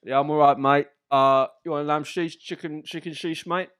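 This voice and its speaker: A man's voice: a little high, fairly even intonation, normal speed, fairly bright tone, smooth, close to an everyday voice. Cheerful kebab counter guy, chatty, a man doing a light put-on voice. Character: male kebab shop worker, cheerful, says mate.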